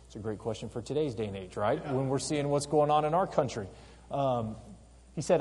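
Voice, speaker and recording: A man giving an energetic history lecture, telling the story with rhetorical questions to his listeners. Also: mid-range voice, a little fast, husky, long reverb tail.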